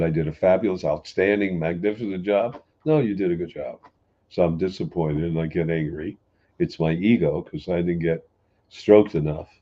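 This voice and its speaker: Very deep-voiced man, folksy talk. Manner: folksy, plain-spoken, jokes lightly. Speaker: speaker answering a question. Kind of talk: relaxed spoken talk. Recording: dull lo-fi sound.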